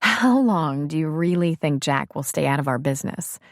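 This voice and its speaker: A woman reading the part of a woman newly in love in an audiobook, with soft, breathy, wondering delivery. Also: deep voice, expressive, moderate pace, no echo, studio quality. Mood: playful.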